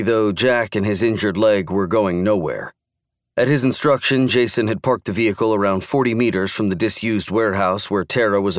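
A man narrating a thriller audiobook in a steady, even storytelling manner. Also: lowish voice, no echo, clean studio sound. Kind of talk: scripted narration.

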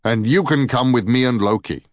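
A man voicing a stern, wrathful male thunder god in a storybook reading, speaking slowly and commandingly. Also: dry recording, studio quality, natural voice. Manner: booming and slow, commanding.

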